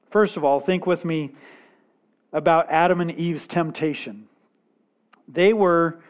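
A man preaching a sermon at a slow, deliberate pace. His voice sits a little high. He speaks earnestly and drops to a quiet weight on the key points. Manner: measured, earnest preaching with dramatic pauses and quiet emphasis. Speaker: pastor.

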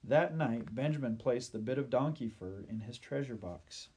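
A man with a slightly husky, breathy voice reads a children's story aloud. His delivery is gentle, steady storybook narration at a middling pitch. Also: moderate pace.

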